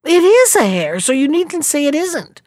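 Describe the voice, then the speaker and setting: A woman's voice: sits high, very animated, normal speed, darkish tone, no room sound, studio quality, voice pushed up. A woman reading as a crafty old peasant man. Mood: sly. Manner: sly, coaxing, feigns wonder.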